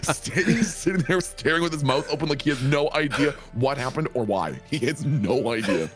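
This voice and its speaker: A man playing in a tabletop game who tells stories in an animated way. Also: mid-range voice, normal speed, soft background music. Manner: animated, laughing storyteller. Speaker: player.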